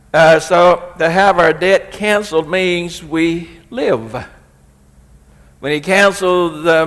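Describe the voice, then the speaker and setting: A man's voice: high voice, a bit bright, in a large hall. A man preaching a sermon as pastor, reading scripture aloud with rising emphasis.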